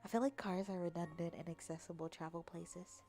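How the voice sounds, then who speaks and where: A woman's voice: fairly low pitch, a little fast, warm tone. A woman streamer in casual, rambling chat, teasing and joking as she reads comments aloud. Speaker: VTuber streamer. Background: faint background music.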